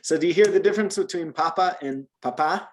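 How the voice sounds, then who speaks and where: A man's voice: on the high side, fast. A man from the United States teaching a beginner Spanish lesson, explaining patiently with frequent restarts. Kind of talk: one-on-one language lesson.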